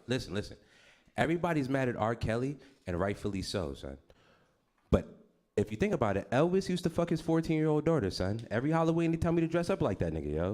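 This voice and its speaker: A man's voice: lowish voice, darkish tone. A man doing a stand-up set on a comedy stage, brash and profane, teasing the crowd as he goes. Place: comedy stage before a live audience.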